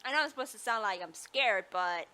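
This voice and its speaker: A woman's voice: mid-range voice, animated, brisk, bright, forceful tone. A woman playing a visual novel, reading the story aloud and breaking off with apologetic, joking asides. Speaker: video game player.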